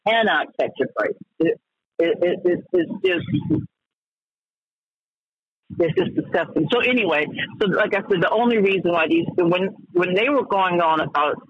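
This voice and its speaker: A radio talk host, a man with a high, husky voice, rants heatedly and trips over his own restarts. The broadcast sounds dull and lo-fi. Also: lively intonation, unhurried, pauses often, no room sound. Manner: heated and ranting, with many stammered restarts.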